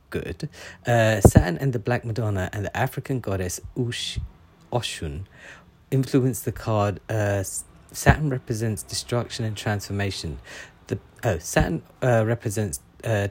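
A man giving a daily oracle card reading. He reads the card text aloud slowly, then comments in a loose, chatty way with frequent ums and asides. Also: fairly low pitch, a little mellow, husky.

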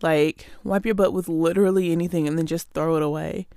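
A woman's voice: deep voice, fairly even intonation, brisk, dark tone, clean tone, no room sound, clean studio sound. A woman hosting a show, delivering a sarcastic, exasperated comedic rant straight to her listeners. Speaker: podcast host.

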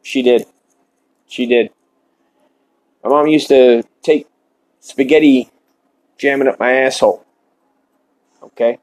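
A man hosting a podcast, delivering a shock-comedy monologue in a deadpan, mock-earnest rant while smoking. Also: medium pitch, takes it slowly, pauses often, low-quality recording. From Ireland. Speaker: podcast host.

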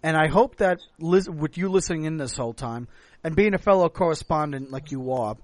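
A man's voice: on the high side, brisk, no room sound. A man from the United States hosting a podcast, tipsy and long-winded, rambling in casual chat. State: tipsy from drinking. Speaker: podcast host.

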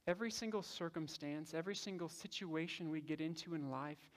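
A man's voice: on the high side, brisk. A male pastor delivering a sermon in an earnest, conversational way, stumbling over and repeating words now and then. His voice rings out with a long hall reverb, as in a church sanctuary.

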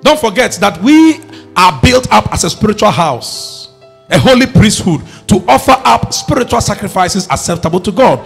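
A man preaching a sermon, emphatic and rising to shouts as he calls on the congregation to respond. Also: high-pitched, very animated, moderate pace, creaky, slightly rough, soft background music.

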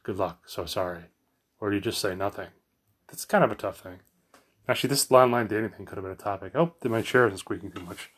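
Rambling, low-voiced man live-streaming. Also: quick pace, a bit bright. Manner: meandering, self-correcting, frequent fillers. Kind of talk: rambling casual monologue. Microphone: phone.

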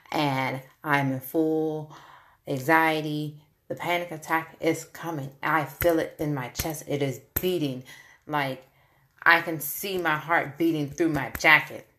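A young adult woman, a mother, telling a personal story in a casual, animated way and acting out the voices she quotes. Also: low-pitched.

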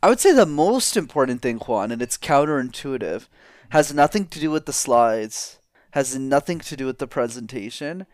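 A man's voice: medium pitch, normal speed, no room sound, clean studio sound. A man talking as a guest in an interview, coaching on public speaking and shifting his tone up and down to demonstrate. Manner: animated, demonstrates vocal tones. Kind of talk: energetic interview talk.

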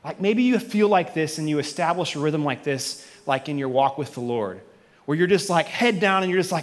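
A man with a high speaking voice preaching in front of a live congregation. His delivery is casual and full of self-mocking humor, and he slips into acted-out replays of his own past reactions as he tells the story. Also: lively intonation, brisk, big-room sound. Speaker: pastor. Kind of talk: sermon with a personal story. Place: church auditorium with a live congregation.

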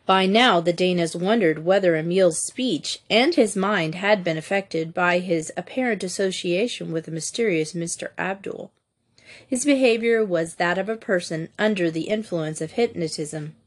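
A woman narrating a mystery novel aloud in a measured storytelling manner. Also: lowish voice. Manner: measured storytelling, voicing each character. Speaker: audiobook narrator. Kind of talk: scripted narration.

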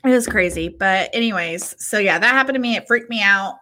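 As a podcast co-host, a woman with a mid-range voice talks a little fast through a story in casual conversation. She acts out what people said with animation, swearing freely along the way.

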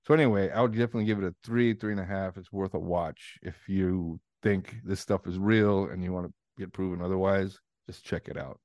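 A man co-hosting a podcast, retelling a documentary in casual, animated chat and swearing freely. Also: low-pitched, a little fast, hardly any pauses, no echo, studio quality. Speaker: podcast co-host.

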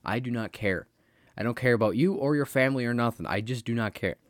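A man's voice: mid-range voice, fast talker, dry recording. Blunt, rambling young man, dry sound. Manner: rambling and blunt, swears freely. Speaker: podcast host. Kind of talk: casual solo podcast monologue.

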